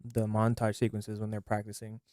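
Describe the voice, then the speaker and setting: A man's voice: lowish voice, monotone, a little fast, a little mellow, no echo, studio quality. A man co-hosting a podcast, chiming in casually with short remarks about movies.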